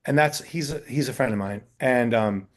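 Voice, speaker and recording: A man being interviewed about his work as a talent agent. He tells his stories in an animated, anecdotal way at an ordinary pitch. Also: normal speed. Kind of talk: casual interview.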